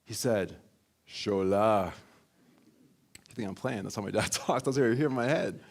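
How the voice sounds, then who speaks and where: A man giving a motivational keynote, telling a personal story in a lively way and acting out quoted lines. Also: mid-range voice, rapid-fire, gravelly, slightly rough. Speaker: keynote speaker.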